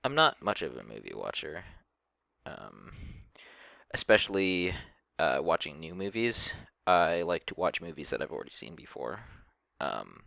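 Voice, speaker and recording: A man's voice: sits low, very animated, unhurried, vocal fry, sharp tone, no room sound. A man casually commenting on a video in a hesitant way, with many ums and restarts. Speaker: reaction video host.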